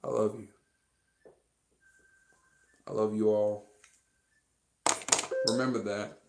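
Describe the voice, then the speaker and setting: A man's voice: fairly low pitch, flat delivery, slow pace, creaky, noisy background. A man talking casually to viewers on a livestream, rambling and repeating himself, earnestly thanking his fans. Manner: rambling and repetitive, full of fillers. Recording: echoey room.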